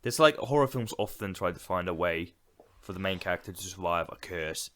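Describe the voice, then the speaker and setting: A podcast co-host with a low, slightly bright voice talks a little fast with lively intonation. He discusses films in a casual, reflective way and often agrees with his partner.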